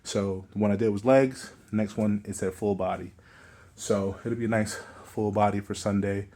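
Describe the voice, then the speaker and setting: A man with a fairly low voice gives a casual vlog update on his workouts. He sounds a little winded and rambles, with lots of fillers and restarts. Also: fairly even intonation, moderate pace, mellow. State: slightly out of breath. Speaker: vlogger.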